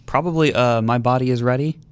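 A man on a podcast panel, speaking in a hesitant, measured way. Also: medium pitch, clean tone, dry recording. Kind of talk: casual podcast chat.

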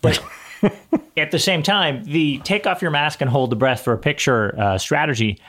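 A man's voice: on the high side, normal speed, fairly bright tone. A young adult man co-hosting a political talk show, dry and agreeable as he thinks aloud. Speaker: co-host. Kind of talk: casual political commentary.

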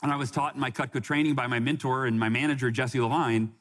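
This forty-something man, a podcast guest, shares a personal story in an earnest manner, restarting often and quoting other people. His medium-pitched voice is steady and fairly bright, and he speaks quickly.

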